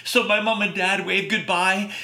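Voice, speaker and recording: A man hosting a show, telling a comic story in a playful, animated way with laughs. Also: sits high, normal speed, reverberant. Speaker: storyteller host.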